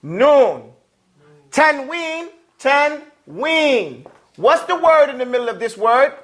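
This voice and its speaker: His pitch is extremely high, his delivery slow and very animated, and his tone fairly bright. The man is teaching Arabic and recitation to a class, explaining with patience and having everyone repeat each word after him in a call-and-response pattern.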